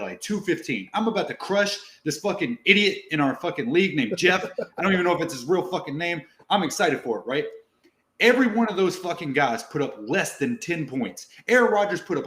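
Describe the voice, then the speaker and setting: A man hosting a podcast with a slightly high voice that leaps up and down a lot. He vents and curses freely, and the sound bounces around a roomy space. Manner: ranting, heavy swearing, animated. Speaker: podcast host. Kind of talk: profane casual chat. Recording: roomy echo.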